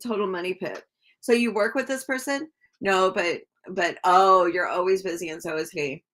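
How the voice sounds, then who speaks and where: A woman's voice: fairly low pitch, moderate pace, fairly bright tone. A woman doing a live tarot reading, talking casually and rambling with many fillers, chatting to viewers as she reads. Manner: greets viewers by name while reading. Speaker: tarot reader.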